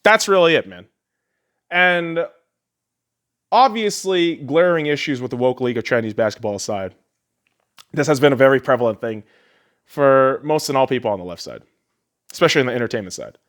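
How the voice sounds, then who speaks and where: A man's voice: mid-range voice, animated, fairly quick, pauses often, a bit bright. A man hosting a podcast, ranting heatedly and sarcastically, swearing often. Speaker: podcast host. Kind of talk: profane solo rant.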